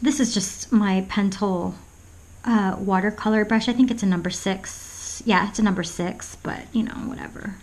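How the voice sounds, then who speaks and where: A woman's voice: mid-range voice, fairly even intonation, normal speed, a little mellow, low-quality recording. A woman chatting casually while demonstrating a painting, rambling and hesitant with many ums, often dropping to a whisper and laughing at her own jokes. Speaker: art vlogger.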